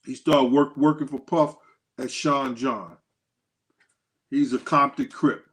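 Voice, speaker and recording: A man hosting a casual livestream, telling stories with animated quoted dialogue and thanking viewers by name. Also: medium pitch, slow. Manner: animated storytelling, acts out quotes in a raised voice. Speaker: host.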